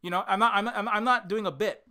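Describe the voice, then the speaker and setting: On a livestream, an indie game developer rants and curses constantly, lurching between loud yelling and quiet muttering. His vocal cords sound strained, and he talks fast.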